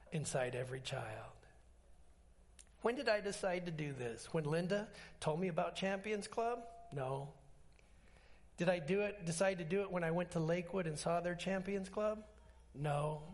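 A man pastor preaching a sermon, telling stories with acted-out dialogue and emphatic swings in pitch. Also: creaky. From Alaska.

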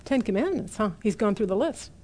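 A middle-aged woman preaching a sermon in an earnest way, slowing down to stress key points and asking the listeners direct questions. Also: mid-range voice, expressive, a little mellow.

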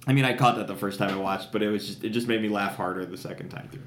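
A man's voice: on the low side, rapid-fire, a bit bright, reverberant, a little hiss or hum. A man co-hosting a podcast, chatting casually and enthusiastically, rambling with lots of fillers. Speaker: podcast co-host. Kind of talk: casual chat.

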